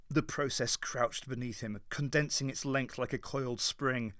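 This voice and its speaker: A man narrating an audiobook in a dramatic, measured reading. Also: medium pitch, steady tone, fairly bright tone, dry recording, studio quality. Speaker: audiobook reader. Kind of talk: scripted narration.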